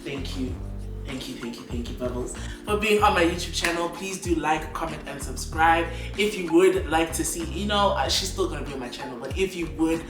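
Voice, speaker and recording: A young woman hosting her own video channel, chatting casually with a lively, joking manner. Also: deep voice, a little fast, roomy sound, distant mic, music in the background. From Ghana heritage. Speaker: YouTube host. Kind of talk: casual chat.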